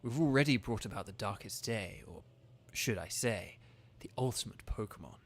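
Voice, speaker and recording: A man's voice: lowish voice, lively intonation, moderate pace, voice pushed down. A man voicing a grandiose villainous tycoon. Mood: solemn, grandiose. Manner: solemn, self-justifying speech. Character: grand zealous middle-aged businessman villain.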